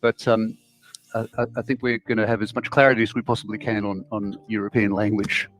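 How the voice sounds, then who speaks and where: A man's voice: on the low side, fairly quick, no echo, low-quality recording. A man hosting a panel show, easygoing and hesitant as he introduces guests. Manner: relaxed, hesitant, many ums. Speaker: show host.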